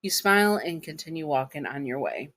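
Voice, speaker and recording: Halting woman reading a fan story. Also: sits low, very animated, a bit bright. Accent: Southern US. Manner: halting, with restarts and fillers. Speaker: fan fiction narrator. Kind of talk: second-person story reading.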